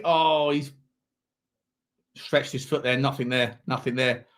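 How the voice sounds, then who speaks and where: A man hosting a live football watchalong, calling the match and chatting to viewers, with sudden loud shouts when chances come. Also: mid-range voice, slow pace. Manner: excitable, shouts at big chances, chats to viewers.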